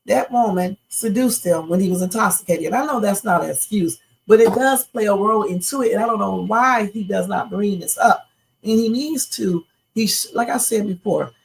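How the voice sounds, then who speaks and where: A woman's voice: medium pitch, creaky, rough recording. A woman hosting a live reaction stream, giving her opinions in a chatty, outspoken way and talking to viewers. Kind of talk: casual live reaction commentary.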